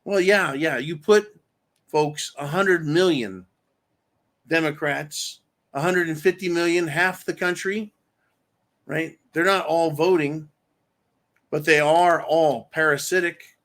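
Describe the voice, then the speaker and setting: A man's voice: a little high, fairly even intonation, a little slow, pauses often, fairly bright tone. A man hosting a show, ranting angrily with profanity and reading out viewer comments. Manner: angry, profane, reads viewer comments aloud. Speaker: host.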